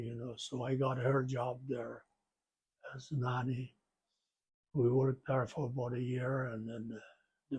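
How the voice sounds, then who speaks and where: A man in his nineties telling his life story in an interview, halting and rambling with restarts and soft chuckles. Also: mid-range voice, slightly rough.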